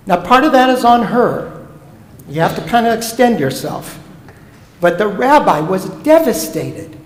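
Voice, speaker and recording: A man from Omaha in the United States, a professor of Jewish education appearing as a guest speaker, has a high, creaky voice. In a synagogue sanctuary, recorded with the long reverb of an echoey hall, he gives a sermon-style talk full of animated, comic stories with punchlines.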